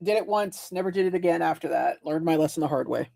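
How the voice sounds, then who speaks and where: Gravelly man telling rambling stories. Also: a little high, fast, dark tone, dry recording, studio quality. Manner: rambling storyteller, acts out quoted voices. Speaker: livestream host. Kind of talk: casual chat.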